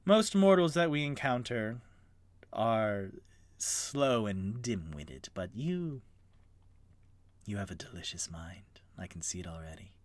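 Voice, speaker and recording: A man's voice: on the low side, big pitch swings, slow, no echo. A man voicing an elegant, conniving female fey leader in a tabletop game, silky and teasing, sometimes dropping to a whisper.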